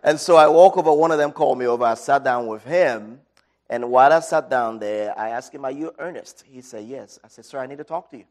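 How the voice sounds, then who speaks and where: A middle-aged man giving an inspirational talk, telling a personal story with dramatic swings from loud to quiet. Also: mid-range voice, a little fast. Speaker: speaker.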